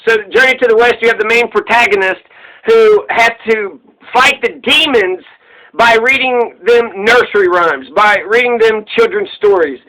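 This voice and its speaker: A man's voice: high-pitched, normal speed, sharp tone, poor audio. A man casually retelling an old fable in a loose, rambling way, swearing freely and laughing at his own jokes.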